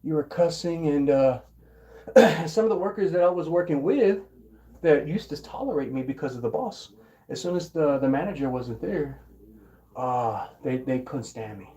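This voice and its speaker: Casting: young man, slightly high voice, dark mellow tone, rambling casual storyteller. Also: expressive, moderate pace. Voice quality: occasional throat clearing and coughing. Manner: rambling, repeats words and restarts, mimics coworkers in quotes. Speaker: vlogger.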